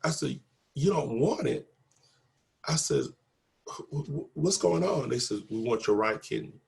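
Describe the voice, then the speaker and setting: Gravelly and a little mellow, his mid-range voice is animated yet a little slow as he tells his own story in an interview. With earnest, faith-filled conviction, he plays out each bit of dialogue, leaning on "I said" and "he said."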